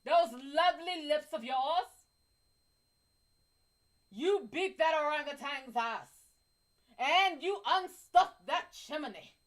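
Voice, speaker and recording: A woman's voice: sits high, lively intonation, takes it slowly, long pauses. A woman voicing a doting, theatrical partner with a put-on British accent, fawning over and scolding her man.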